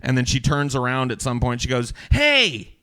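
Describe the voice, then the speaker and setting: A man's voice: mid-range voice, level tone, brisk, clean tone. A man hosting a casual podcast chat, telling stories with a lot of profanity and acting out the people he quotes. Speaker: podcast host.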